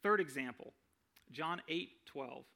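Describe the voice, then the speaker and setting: A man's voice: a little high, lively intonation, takes it slowly, creaky, bright, forceful tone. A young man giving a sermon in a conversational way, often checking in with "right?" and adding self-deprecating humor. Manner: conversational, frequent "right?" tag questions. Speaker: preacher.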